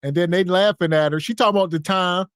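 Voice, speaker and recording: A man's voice: sits high, fairly even intonation, fast, clear, resonant tone. A man co-hosting a podcast, casually recounting what happens in a video clip. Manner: recounting, retelling quotes. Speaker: podcast co-host. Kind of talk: casual reaction commentary.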